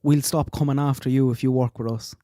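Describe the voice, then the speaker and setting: A man hosts a true crime channel and comments on clips with indignant rhetorical questions. His voice is mellow and mid-pitched, recorded dry and close. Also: fairly even intonation, fairly quick, dry recording.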